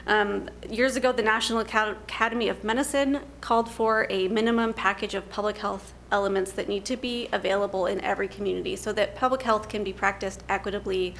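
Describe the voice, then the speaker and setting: A woman's voice: mid-range voice, fairly even intonation, fast talker, creaky, few pauses, fairly bright tone, a little hiss or hum. A woman presenting a report at a public board meeting, nasal and congested from a cold, walking through points steadily with frequent ums. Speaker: policy staff presenter.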